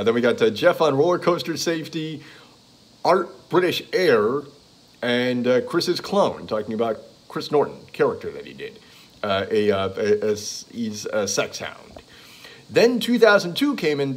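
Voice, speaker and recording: A man's voice: medium pitch, breathy edge. A man casually reading off a list of comedy tracks, stalling often with "uh" and "let's see" as he goes. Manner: hesitant, many "uh" and "let's see". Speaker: comedy show fan.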